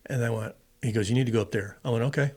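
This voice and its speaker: Racing along in a medium-pitched, slightly mellow voice, a middle-aged American podcast guest who used to fly fighter jets casually tells a lengthy personal story during an interview, acting out both halves of the dialogue.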